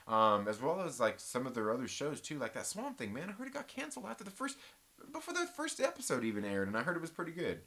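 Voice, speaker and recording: A man with a fast, rather high voice hosts a casual live-stream chat. He reads viewer comments aloud and tells rambling, animated stories full of restarts and mild cursing.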